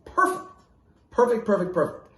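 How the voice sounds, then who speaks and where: A man's voice: sits high, big pitch swings, normal speed, roomy sound, voice pushed up. A man doing a kindly old jovial rabbi. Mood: delighted. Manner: gentle, smiling, coaxing. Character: kindly elderly male rabbi, jovial and forgiving.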